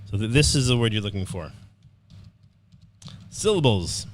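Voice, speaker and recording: A man's voice: fairly low pitch, big pitch swings, normal speed. A man teaching an online English writing class, upbeat, repeating words and often checking in with "okay".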